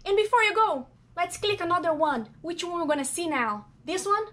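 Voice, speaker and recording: A woman's voice: extremely high pitch, expressive, a little fast, fairly bright tone. A woman hosting a table-read video who talks in a cheerful, upbeat way. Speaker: video host.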